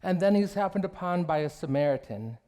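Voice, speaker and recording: A man preaching a sermon in a church, telling stories and parables with quoted dialogue and slowing down on key phrases. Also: sits high, animated, dark tone, smooth. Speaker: minister. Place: church sanctuary.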